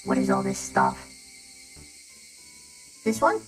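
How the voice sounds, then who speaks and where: A woman's voice: slow, over music, low-quality recording. A young woman streamer chatting playfully while testing voice filters. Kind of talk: casual stream chat.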